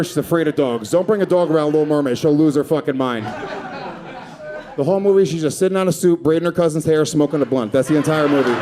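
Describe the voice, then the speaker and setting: A man doing a stand-up comedy set, brash and profane with a deadpan edge. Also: on the high side. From Puerto Rico. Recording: live club set with a laughing crowd. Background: audience laughter.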